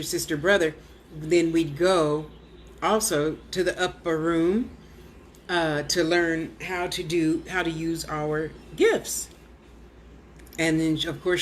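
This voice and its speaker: A woman's voice: on the low side, slight background noise. A woman vlogger and spiritual teacher telling a personal testimony in a chatty way. She acts out other people's lines, drops into whispers and fills her talk with "you know" asides. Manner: animated, acts out quoted voices and drops to a whisper. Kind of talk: casual storytelling testimony.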